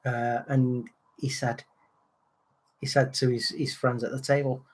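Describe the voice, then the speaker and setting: A man, co-hosting a relaxed livestream chat and telling anecdotes, acting out other people's lines. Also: mid-range voice, a little slow, long pauses. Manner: chatty storyteller, acts out other people's lines. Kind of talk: casual chat.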